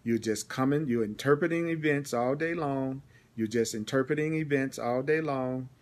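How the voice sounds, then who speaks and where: A man's voice: medium pitch, a little mellow. A man teaching a live-streamed spiritual lesson, repeating key phrases with emphasis and answering viewers by name. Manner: repetitive, emphatic, slows down deliberately when reading.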